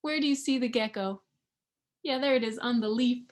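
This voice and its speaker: A woman reading a picture book aloud to young children in an animated way, asking them questions and imitating animal sounds. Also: fairly high pitch, normal speed. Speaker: children's storybook reader.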